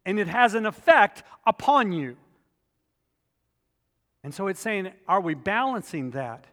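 A man's voice: high voice, very animated, unhurried, a bit bright, in a large hall. A man preaching a sermon as pastor, emphatic and repetitive, telling personal stories to make his points.

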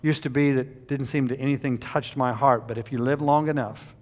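A middle-aged man preaching a sermon as pastor, emphatic, moving between loud passion and quiet tenderness. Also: mid-range voice, fairly even intonation, fairly quick. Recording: long hall reverb from a church sanctuary.

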